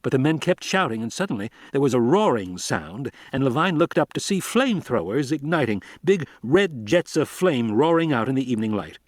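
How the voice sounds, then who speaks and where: Man reading an audiobook, steady and measured, mid pitch, dead dry close mic. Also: no room sound. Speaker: audiobook narrator. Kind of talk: scripted narration.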